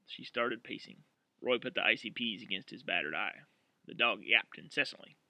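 A man narrating an audiobook in an expressive, dramatic way. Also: fairly low pitch, moderate pace, creaky, no echo.

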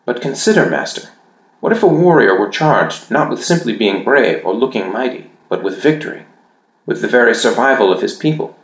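An earnest young girl apprentice, still shaken, pleading with her master in a raised, bright voice, as a man puts her on. She pushes her questions with urgency, and the echo of the room rings around her. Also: mid-range voice, very animated, fairly quick, voice pushed up, close to an everyday voice.

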